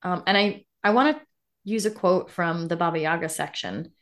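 A woman's voice: on the low side, normal speed, a bit bright. A woman co-hosting a podcast, musing reflectively in casual conversation. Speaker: podcast co-host. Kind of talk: casual chat about a book.

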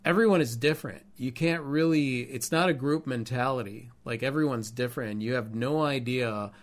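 A man co-hosting a podcast, telling stories in a candid, animated way and swearing now and then. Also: mid-range voice, normal speed. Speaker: podcast co-host and artist. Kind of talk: casual podcast chat.

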